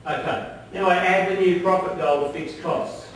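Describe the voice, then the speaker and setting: A man's voice: high voice, steady tone, moderate pace. A man presenting a live business seminar, chatty and often checking in with his audience. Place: seminar room at an arts centre. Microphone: distant room mic. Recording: very echoey hall from far off, faint noise.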